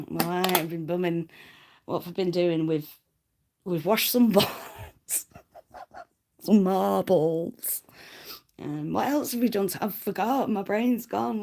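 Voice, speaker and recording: A woman with a low, gravelly voice hosts a casual livestream. She rambles, mocks herself and laughs easily as she talks to her viewers. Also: measured pace, mellow. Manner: rambling, self-deprecating, laughs often. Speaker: livestream host reading cards.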